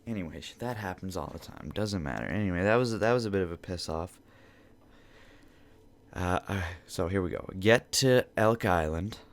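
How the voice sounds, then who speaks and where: A man's voice: low-pitched, animated, normal speed. A man hosting a podcast, telling a casual story in a rambling, profane way that repeats itself, recorded at home. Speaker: podcast host.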